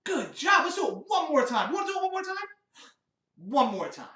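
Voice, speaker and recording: A man's voice: extremely high pitch, sing-song, brisk, far from the mic, heavy background noise. A man teaching a children's music lesson, upbeat and encouraging as he talks to young kids. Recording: roomy, off-mic, guitar behind.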